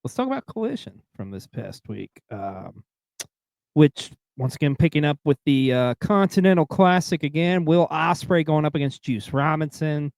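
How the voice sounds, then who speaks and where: A man's voice: fairly high pitch, animated, normal speed, vocal fry, a little mellow, no echo, clean studio sound. A man hosting a casual wrestling recap show, speaking with frequent fillers. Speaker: podcast host.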